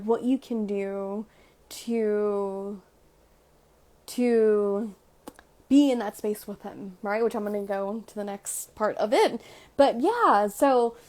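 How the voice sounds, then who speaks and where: A woman's voice: a little high, darkish tone. A young adult woman talking casually to camera about emotions, full of "like" and "right?". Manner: chatty, fills with "like" and "right?". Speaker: vlogger. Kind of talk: casual self-help talk.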